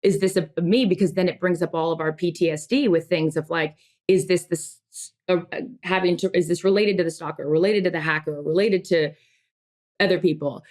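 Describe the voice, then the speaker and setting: A woman's voice: fairly low pitch, brisk, darkish tone. A woman in her thirties co-hosting a podcast, talking in an emotional, rambling way with many restarts. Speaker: podcast co-host. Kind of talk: casual podcast chat.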